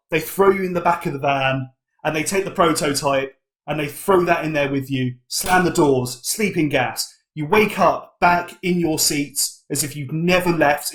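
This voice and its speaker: Brief: young male podcast host running a silly tabletop game, playful and rambling, fairly high voice. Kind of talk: comedic improvised game narration.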